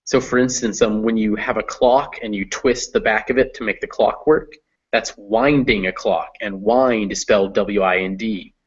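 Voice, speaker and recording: A man's voice: fairly low pitch, steady tone, normal speed, slightly rough, lo-fi sound. A man tutoring a student in reading English, explaining patiently with many fillers. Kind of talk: one-on-one reading lesson.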